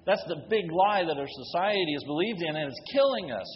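A man's voice: on the high side, lively intonation, fairly quick, hardly any pauses. A man preaching a sermon from the pulpit, building force with emphatic rhetorical questions. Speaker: pastor. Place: church sanctuary. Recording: dull recording with long hall reverb.

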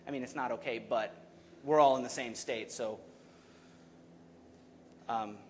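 A man's voice: medium pitch, measured pace, a little hiss or hum. A young adult man preaching a sermon as pastor, talking conversationally and asking the congregation questions.

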